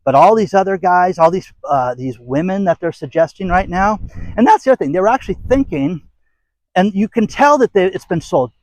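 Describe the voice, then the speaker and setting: A man's voice: high-pitched, animated, fairly quick, darkish tone, no echo, low-quality recording. A middle-aged man hosting a commentary channel, ranting bluntly and emphatically to camera, with sarcastic asides and repeated phrases. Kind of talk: opinionated rant to camera.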